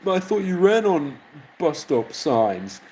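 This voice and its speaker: A dopey, cheerful toy engine chirps along in a raised voice, as a man puts him on. He sounds eager to help and has no idea what is going on. It plays like a quick cartoonish bit dropped into a casual stream. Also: fairly high pitch, very animated, darkish tone, a little hiss or hum, pitched above the performer's own voice. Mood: confused. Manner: eager, clueless. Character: dim-witted cheerful male toy engine. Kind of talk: impressions during a livestream.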